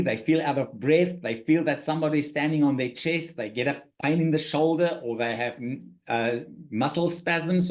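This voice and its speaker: A man presenting a spoken workshop lecture to participants, earnest and emphatic, often restarting and repeating words as he works through his points. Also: fairly high pitch.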